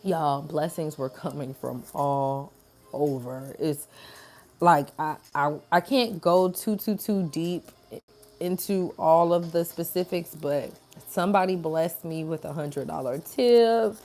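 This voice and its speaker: This spiritual message creator talks slowly in a low, darkish voice, offering viewers an easygoing pep talk about faith. Colloquial and chatty, she addresses them as y'all and performs the voices in any dialogue she quotes.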